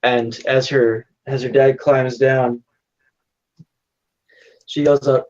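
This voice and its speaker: A man's voice: mid-range voice, flat delivery, slow pace, pauses often, darkish tone. A man narrating a tabletop role-playing game as game master, laid-back and amused. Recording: muffled lo-fi audio.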